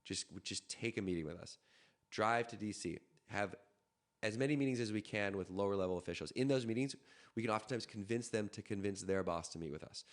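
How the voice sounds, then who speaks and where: A man from Canada, a podcast guest, telling a story in a quick, animated way with frequent restarts. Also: lowish voice. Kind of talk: casual storytelling.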